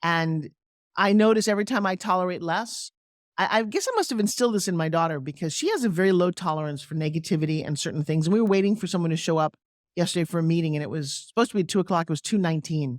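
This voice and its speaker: Animated, persuasive middle-aged woman pitching. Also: fast, no room sound, studio quality. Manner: animated, persuasive, salesy with acted-out quotes. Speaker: guest, sales and pitching coach. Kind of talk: energetic interview talk with live product pitch.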